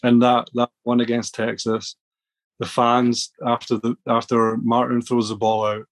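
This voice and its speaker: A man's voice: medium pitch, completely flat delivery, measured pace. A man sitting in as a podcast guest, his voice in an ordinary middle register. He tells long stories in a casual, rambling way, full of restarts and fillers. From Scotland. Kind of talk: casual storytelling.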